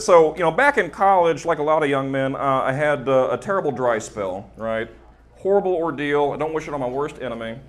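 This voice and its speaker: On a club stage, a young stand-up comedian talks into a handheld mic with a slightly bright, highish voice. He keeps it chatty, working the crowd and tossing in "right?" often.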